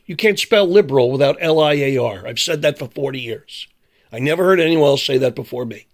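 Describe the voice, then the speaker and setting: Ranting older man, slightly high voice. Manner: blunt, sarcastic, profane. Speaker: commentator. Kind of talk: ranting monologue.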